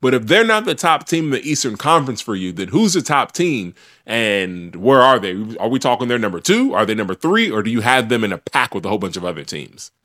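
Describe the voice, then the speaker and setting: A man's voice: medium pitch, big pitch swings, a little fast, fairly bright tone. A man hosting a sports podcast, arguing his picks in an opinionated, teasing way. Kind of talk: casual sports debate.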